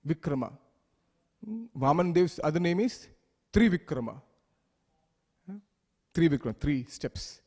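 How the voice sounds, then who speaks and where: A man's voice: a little high, animated, measured pace, pauses often, darkish tone, husky, in a large hall. A man giving a devotional scripture class, explaining words step by step and asking the listeners questions. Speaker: temple class speaker. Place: temple hall.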